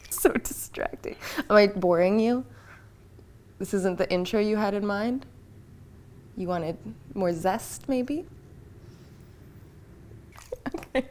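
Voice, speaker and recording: A woman's voice: medium pitch, slow, pauses often, darkish tone. Chatty young woman baking at home. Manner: chatty, talks to her dog. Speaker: vlogger. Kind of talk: casual baking vlog. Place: home kitchen.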